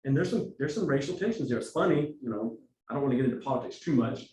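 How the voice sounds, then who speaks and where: Texas-accented man teaching, animated delivery. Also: mid-range voice, fast. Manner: conversational, with lively asides and acted-out quotes. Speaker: evangelism trainer. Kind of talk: workshop teaching. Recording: echoey room, from far off.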